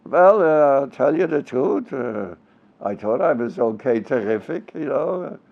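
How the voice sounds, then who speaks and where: A man's voice: medium pitch, measured pace, creaky, dull audio. A man in his nineties with a Brooklyn and Yiddish-tinged accent, telling stories in an interview with many fillers and restarts. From United States. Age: 90s. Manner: rambling, animated storyteller with many fillers and restarts. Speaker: veteran Yiddish theater actor, guest. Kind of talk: storytelling interview.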